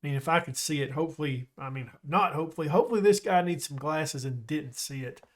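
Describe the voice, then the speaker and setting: Man, gaming commentary, slightly high voice, excitable, jokey. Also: fast. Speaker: gaming YouTuber. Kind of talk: casual game commentary.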